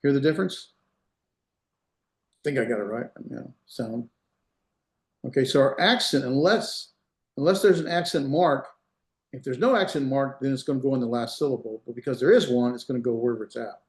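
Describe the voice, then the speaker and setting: A man's voice: mid-range voice, brisk, pauses often, darkish tone, roomy sound. A man teaching an online language class, explaining patiently step by step and repeating words so students can hear them. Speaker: Hebrew instructor. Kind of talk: online lecture. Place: room, on a video call. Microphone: video call.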